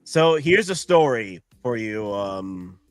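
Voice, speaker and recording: A man hosting a casual stream chat who talks in an excitable, rambling way and laughs often. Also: lowish voice, slow, dry recording, soft background music. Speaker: streamer host.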